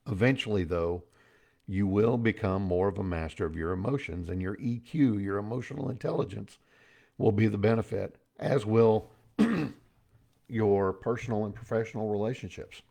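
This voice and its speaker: A man's voice: fairly low pitch, moderate pace, creaky, dark tone. A middle-aged man giving a casual motivational talk as host, chatty and folksy, with pop-culture asides.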